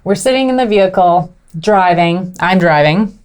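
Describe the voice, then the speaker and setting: Animated woman telling a story. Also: on the low side, moderate pace, clear, resonant tone. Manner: animated storyteller, laughs often, acts out quotes. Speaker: podcast co-host. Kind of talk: casual chat.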